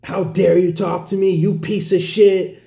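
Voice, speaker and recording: A man's voice: sits high, level tone, measured pace, gravelly, dark tone, pitched above the performer's own voice. A man putting on the voice of a furious young woman who screeches insults, in an echoey room. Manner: screeching, outraged.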